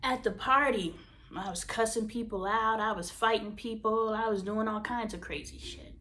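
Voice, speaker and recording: A woman hosting a podcast recounts a painful memory in blunt, profane words. Her voice sits a little high, and she swings between loud emphatic stretches and quiet, breathy near-whispers. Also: fairly even intonation, unhurried, pauses often. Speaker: podcast host. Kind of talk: emotional personal storytelling.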